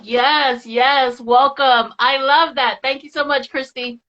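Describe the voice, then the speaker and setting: A woman's voice: high-pitched, steady tone, slow pace, fairly bright tone, muffled recording, a little hiss or hum. A woman hosting a live podcast, talking in an upbeat, chatty way and often repeating herself. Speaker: podcast host. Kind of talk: casual live-stream chat.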